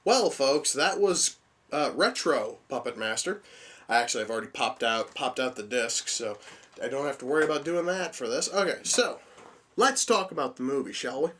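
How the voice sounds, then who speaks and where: A man's voice: mid-range voice, animated, moderate pace, fairly bright tone. A young man giving a casual spoken movie review, swearing freely and rambling through frequent restarts. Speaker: film reviewer.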